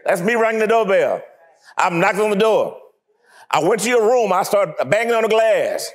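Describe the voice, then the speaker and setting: A man preaching a sermon, acting out little scenes with laughter and sudden shouts. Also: high-pitched, moderate pace. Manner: animated, acts out scenes, laughs often. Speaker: pastor.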